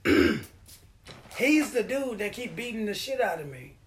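Animated, profane man with a high voice. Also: unhurried. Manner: profane, animated storytelling with acted-out quotes. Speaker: podcast host. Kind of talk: casual storytelling chat.

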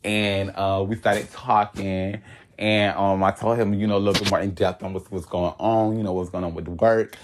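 Lively laughing man from Florida. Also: normal speed, a little hiss or hum. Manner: animated and laughing, swoops high when excited. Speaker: guest telling his story. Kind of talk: casual storytelling chat.

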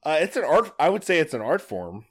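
A man's voice: on the high side, sing-song, brisk. A man co-hosting a casual TV recap podcast, making dry joking asides. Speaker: podcast co-host.

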